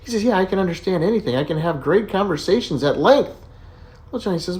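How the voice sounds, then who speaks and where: Animated man telling jokes, lively pitch. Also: fast talker. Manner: animated storyteller, laughs at own jokes. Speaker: joke teller. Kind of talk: casual joke telling.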